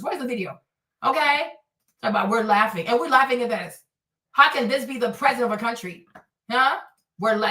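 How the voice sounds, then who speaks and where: A woman with a high, bright voice delivers a loud, mocking, profane rant, hammering the same jabs again and again. She sounds set back from the mic in an echoey room. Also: far from the mic. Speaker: streamer host. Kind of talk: ranting commentary.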